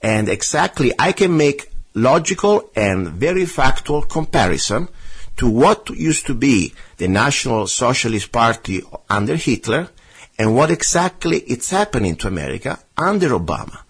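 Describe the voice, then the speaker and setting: A man's voice: medium pitch, sing-song, moderate pace, husky. A man with a foreign accent hosting a talk radio show, arguing his case with passion. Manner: impassioned, argumentative, rebutting a listener letter.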